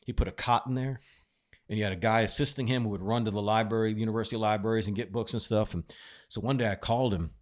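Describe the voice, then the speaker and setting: Male podcast host, low-ish voice, animated storyteller, laughs a lot. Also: quick pace. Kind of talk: casual chat.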